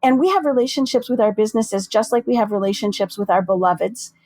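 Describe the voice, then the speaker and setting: A woman therapist, a podcast guest, speaking in a calm, deliberate counseling tone. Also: mid-range voice, no room sound. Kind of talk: measured, reflective interview talk.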